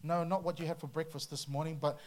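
A man preaching a sermon to a congregation, humorous and animated, breaking into playful voices and sound effects. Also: on the high side, fast. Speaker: pastor.

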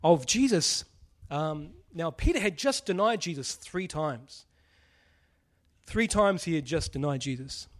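A man's voice: fairly high pitch, lively intonation, unhurried. A man preaching a casual sermon, joking and putting questions to the congregation. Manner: chatty, jokey, asks the audience questions.

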